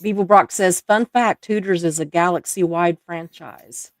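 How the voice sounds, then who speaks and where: A woman's voice: on the low side, normal speed, no echo, clean studio sound. A woman with an accent hosting a live stream, reading viewer comments aloud and laughing often. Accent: non-native English accent.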